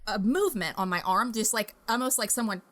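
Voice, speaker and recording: A young woman hosting a podcast, telling a story in a casual, animated and profane way with bursts of laughter. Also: mid-range voice, a little fast. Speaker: podcast host.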